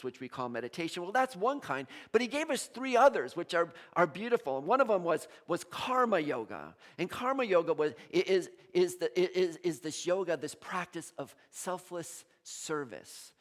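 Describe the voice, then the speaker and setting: A man preaching a sermon as pastor in a church, animated, acting out quoted voices and joking with the congregation. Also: a little high.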